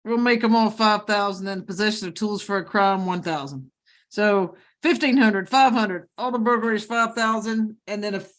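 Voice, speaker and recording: A woman judge running a courtroom hearing, reading charges and bond amounts in a brisk, joking manner. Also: medium pitch. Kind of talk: courtroom proceedings.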